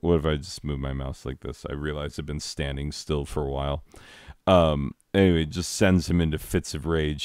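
Rambling deep-voiced American man. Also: darkish tone, smooth, no echo, studio quality. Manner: rambling, laughs often, acts out quotes in silly voices. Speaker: high school teacher and gaming vlogger. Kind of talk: casual chat while playing a game.

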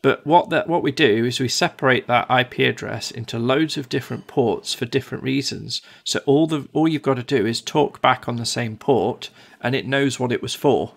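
Gravelly-voiced man tutoring casually. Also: medium pitch, normal speed, hardly any pauses. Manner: chatty, acts out devices in silly voices. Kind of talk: casual one-to-one teaching.

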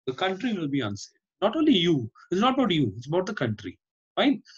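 A man's voice: high voice, huge pitch swings, brisk, breathy edge. Man, Indian English accent, teacher, online class, dull lo-fi audio, keeps checking with "Fine?". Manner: explains by repetition, often asks "Fine?".

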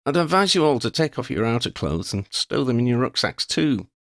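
A man voicing a polite, careful young wizard who speaks in a measured, tactful way. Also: medium pitch, big pitch swings, a bit bright, dry recording, clean studio sound, pitched above the performer's own voice.

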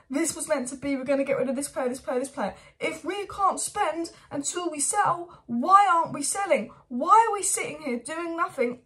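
Young woman with a high voice going off about her team, fed up, loads of rhetorical questions. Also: a bit bright. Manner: exasperated, ranting, rapid rhetorical questions. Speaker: football channel host. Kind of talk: opinionated fan commentary vlog.

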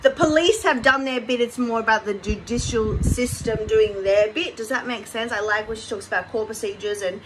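A woman's voice: on the high side, moderate pace, few pauses, background noise. A woman hosting a casual commentary vlog, rambling with many fillers and restarts. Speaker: commentary channel host.

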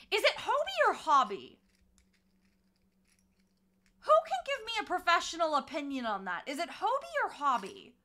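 A woman's voice: high-pitched, pushed and bright. A woman livestreaming from home while she crochets, chatting playfully with her audience, cooing at her cat and swearing casually. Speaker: streamer.

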